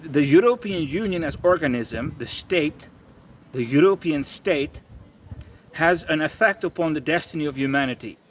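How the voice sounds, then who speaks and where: A man's voice: a little high, animated, normal speed, a little hiss or hum. A young man ranting in a monologue. He swears a lot, stammers and keeps repeating himself. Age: young adult. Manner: profane, stammering, repetitive.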